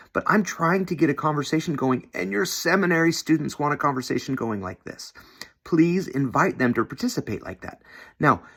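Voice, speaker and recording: Here a slightly high, fairly bright and husky male voice demonstrates student questioning techniques. He is training seminary teachers through an instructional video with classroom role-play, and his manner is friendly.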